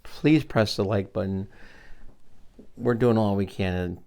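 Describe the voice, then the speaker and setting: A man's voice: lowish voice, slow pace, creaky, a little mellow, clean tone. An older man reading a picture book aloud to children, adding encouraging asides to his young listeners. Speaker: grandfather storyteller.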